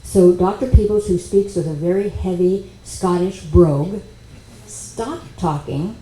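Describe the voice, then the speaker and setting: A woman speaking at a spiritual workshop, telling a personal story in a conversational, animated way. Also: lowish voice, unhurried. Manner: animated, conversational, with quoted dialogue. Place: expo workshop room. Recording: echoey room with faint noise.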